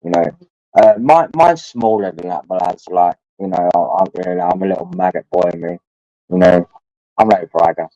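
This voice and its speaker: Fairly quick and mellow, this man's voice sits low, with no room sound. He's drinking and rambling crudely to his livestream chat, full of swearing, referring to the viewers as his lads. The audio is dull lo-fi stream quality.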